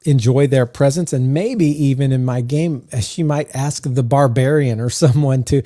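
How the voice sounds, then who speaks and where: A man co-hosting a podcast about game mastering, talking in a relaxed, musing way with lots of "uh" fillers, close to the mic. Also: medium pitch, normal speed, dry recording. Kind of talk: casual podcast chat.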